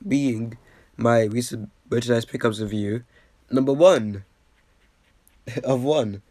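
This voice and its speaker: Feeling a bit sick, a man gives casual, rambling commentary over his old video, full of fillers, restarted sentences and self-deprecating jokes. His slow, mellow, mid-range voice is recorded dry and close, with no room sound.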